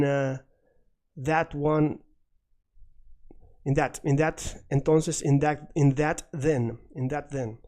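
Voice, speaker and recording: Male language teacher, patient and repetitive, voice on the higher side. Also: a little mellow. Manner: patient, repeats words slowly for emphasis. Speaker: Spanish teacher. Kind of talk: recorded language lesson.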